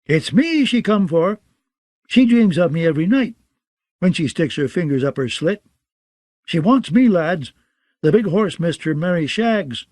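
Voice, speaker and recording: A vicious male jester, put on by a man reading aloud, crowing and mocking in a shrill, braying voice. The sound is dry and close, as in an audiobook booth. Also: a little mellow, dry recording. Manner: high, braying, gleeful taunting.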